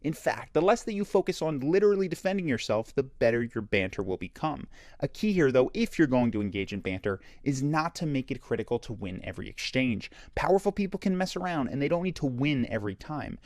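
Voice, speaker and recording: A man's voice: medium pitch, fairly quick, no room sound, studio quality. A man narrating a self-improvement video in a scripted, analytical, explanatory way. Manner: explanatory, analytical, lively inflection.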